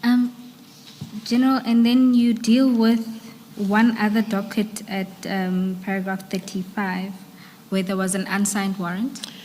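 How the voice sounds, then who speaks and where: A woman's voice: medium pitch, flat delivery, a little slow, darkish tone. A woman leading evidence at a hearing, methodically working through paragraphs with hesitant fillers. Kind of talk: formal questioning at a hearing. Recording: hall reverb with faint room noise.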